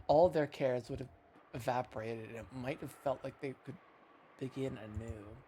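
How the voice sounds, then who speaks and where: A man's voice: medium pitch, steady tone, moderate pace, warm tone, slight background noise. A man streaming himself reading a visual novel aloud, narrating with small slips and self-corrections. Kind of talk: dramatic reading of game text.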